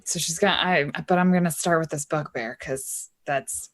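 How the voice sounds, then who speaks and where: A woman's voice: deep voice, normal speed. A woman playing a tabletop game, describing her character's moves in a plain, matter-of-fact way. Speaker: player. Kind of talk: casual tabletop game play.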